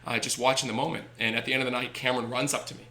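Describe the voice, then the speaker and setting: A man's voice: mid-range voice, racing. A man, a baseball team owner, telling stories animatedly on a podcast. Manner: animated, acts out voices in anecdotes. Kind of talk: energetic storytelling on a podcast.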